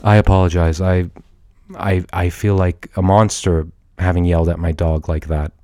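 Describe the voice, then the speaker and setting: Man, podcast host, rambling film talk, halting restarts, swears, dry close mic. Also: low-pitched, flat delivery, warm tone, dry recording. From Iran. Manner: halting, many restarts and fillers, swears freely. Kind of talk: casual rambling monologue. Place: at home with a dog. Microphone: studio microphone.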